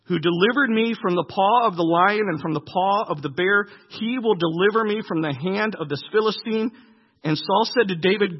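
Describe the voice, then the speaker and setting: Preacher with a husky, high voice. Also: male voice. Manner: reads scripture aloud and breaks off to comment. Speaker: pastor. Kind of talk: sermon. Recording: dull lo-fi recording with long hall reverb.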